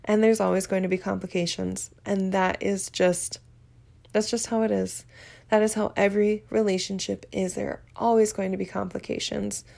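A woman's voice: medium pitch, little pitch movement, normal speed, gravelly, darkish tone. A young woman hosting her podcast, talking openly and emotionally about her relationship and mental health, laughing now and then. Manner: open, emotional, laughs often, vivid. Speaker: podcast host. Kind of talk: candid personal talk.

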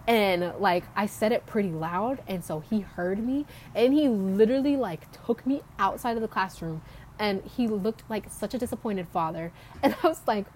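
A woman's voice: medium pitch, brisk, darkish tone, a little hiss or hum. A young woman telling a casual faith testimony outdoors, chatty, with lots of "like" fillers and small laughs. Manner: chatty, frequent "like" fillers, laughs between thoughts. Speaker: faith vlogger.

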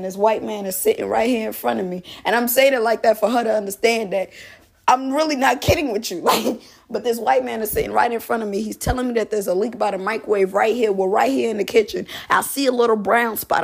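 A podcast host in her twenties tells a story in a loose, profane, casual monologue, laughing often. Her voice is fairly high with vocal fry and sounds slightly rough.

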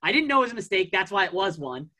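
A man's voice: high voice, big pitch swings, racing, sharp tone. A man as a podcast guest in casual chat, telling a long story in a rambling way, full of fillers and restarts.

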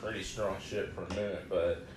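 A man's voice: sits low, steady tone, moderate pace, distant mic. A young man in a casual podcast chat, rambling and profane, with lots of fillers. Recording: echoey room with faint noise.

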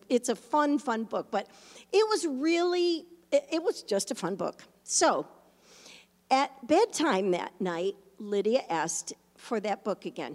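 Slow-speaking woman pastor in a reverberant hall. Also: mid-range voice. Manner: animated storytelling, imitating a toddler's animal sounds, then hushed and reflective. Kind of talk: storytelling sermon.

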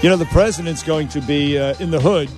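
A man co-hosts a morning talk radio show in brash, blunt banter. His voice sits fairly high. A long reverb trails behind him. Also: quick pace, a little mellow, soft background music.

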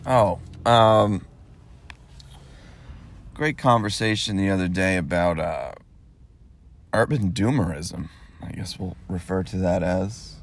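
A man's voice: low voice, unhurried, pauses often. An American man hosting a podcast, talking in a loose, rambling monologue, often repeating himself and swearing when he gets worked up. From United States. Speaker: podcast host.

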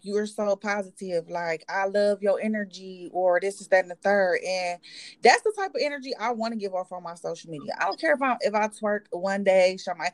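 This podcast co-host has a slightly high voice recorded with no room sound. In a casual conversation among friends she's a little tipsy, loose-tongued and profane, and often breaks into laughter.

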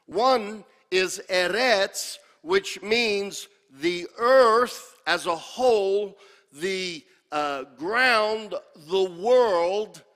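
A man delivers a sermon with a high-pitched voice, slow and measured. He repeats key words and asks the congregation to join in. The sound rings with long reverb from a large hall. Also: fairly bright tone. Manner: calls for congregation responses. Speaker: preacher. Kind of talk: sermon teaching with scripture.

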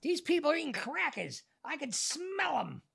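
A man voicing a stubborn, confused male patient in his nineties who shouts and drags out his words. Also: very high-pitched, sing-song, normal speed, creaky, voice pushed up, full character voice. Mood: accusing.

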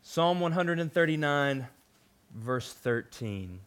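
A young adult man preaching a sermon, casual and animated, with frequent fillers and quick asides to the audience. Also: a little high, smooth. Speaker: pastor.

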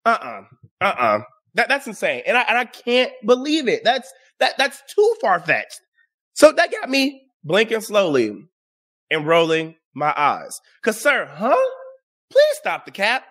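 High, animated man hosting a commentary show. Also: measured pace. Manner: sarcastic, exasperated, talks straight to the audience. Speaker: show host. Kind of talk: casual opinion commentary.

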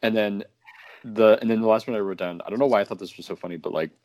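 A man's voice: fairly low pitch, quick pace, darkish tone, no room sound. A young man casually sharing favorite movie quotes, amused, with plenty of "um.". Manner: amused, filler "um", quoting lines.

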